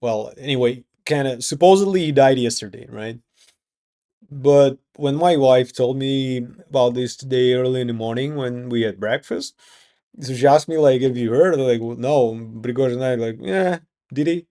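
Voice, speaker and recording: A man's voice: mid-range voice, moderate pace, warm tone. A young man from Russia with a Russian accent, vlogging in a rambling casual monologue and swearing often.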